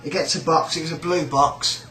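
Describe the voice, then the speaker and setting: A man's voice: on the high side, steady tone, moderate pace, bright, forceful tone, echoey room, soft background music, low-quality recording. A man with a British accent ranting in a sneering, rambling, sweary way about a coworker. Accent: British English. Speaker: shop worker. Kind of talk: casual rant.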